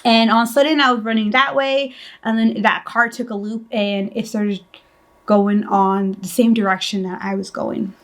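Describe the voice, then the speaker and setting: A young woman in her twenties tells a personal story to her viewers in a loose, chatty way. Her voice sits a touch high for a woman, and her talk is full of "like", restarts and offhand swearing. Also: fairly even intonation, moderate pace. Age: 20s. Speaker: vlogger. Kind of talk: casual storytime narration.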